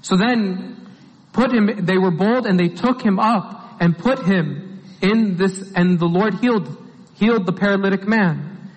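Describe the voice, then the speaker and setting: A man's voice: sits high, measured pace. A man giving an informal sermon as a preacher, earnest and full of rhetorical questions to his listeners. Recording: long hall reverb.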